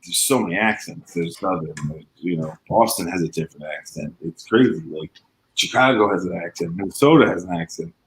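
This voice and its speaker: A man talks in a loose, rambling group chat. His voice sits a little low, and his eager ideas come out with many fillers. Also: lively intonation, fairly quick, vocal fry, poor audio. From New York area.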